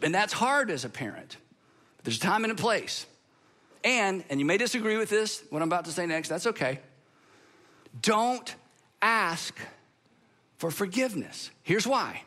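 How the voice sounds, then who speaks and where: A man preaching a sermon to a congregation, emphatic and teaching, with deliberate pauses and the audience asked to repeat after him. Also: high-pitched, pushed and bright. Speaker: pastor.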